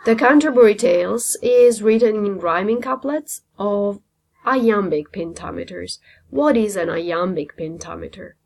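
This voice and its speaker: Woman teacher, Italian native, mid pitch, gravelly, patient explainer. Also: a little mellow. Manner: explains step by step, with frequent ums and uhs. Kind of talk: classroom lecture.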